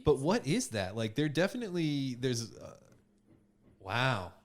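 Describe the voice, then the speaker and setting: A man's voice: medium pitch, sing-song, a little slow. A man co-hosting a podcast from a home studio, chatting casually, laughing often and trailing off mid-thought. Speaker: podcast co-host. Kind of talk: casual chat.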